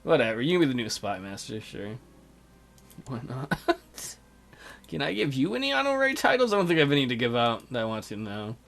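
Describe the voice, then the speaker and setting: A man's voice: mid-range voice, big pitch swings, brisk, creaky, long pauses, a bit bright, faint music behind. A man hosting a strategy game let's play with casual, crude, joking commentary.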